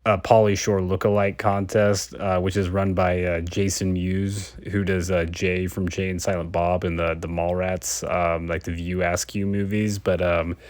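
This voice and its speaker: A man's voice: low-pitched, little pitch movement, moderate pace, hardly any pauses, darkish tone, no room sound. A man casually reviewing a film, rambling with many fillers.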